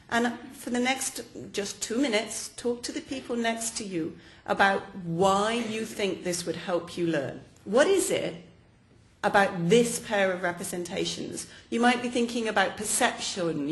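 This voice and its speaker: A woman from England with an English accent, giving a lively, joking academic lecture in a hall. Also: mid-range voice. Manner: fast, lively and jokey with the audience. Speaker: guest lecturer.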